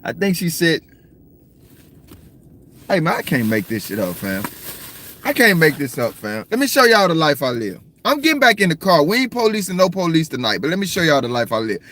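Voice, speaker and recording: A man from the States, rambling through a casual livestream chat, slangy and cursing freely while he shouts out viewers. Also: on the high side, very animated, a little fast, slight background noise. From Southern United States. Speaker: livestream host. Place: in a car at times.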